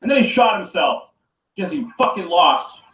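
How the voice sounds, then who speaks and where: A man on his own, in an angry and rambling rant full of swearing that keeps circling back and sometimes breaks into shouting. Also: high-pitched, sing-song, normal speed. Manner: profane, rambling and repetitive, often shouting. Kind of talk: angry solo rant to camera. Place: room by a running turtle tank. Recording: echoey, distant, dull lo-fi. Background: running water.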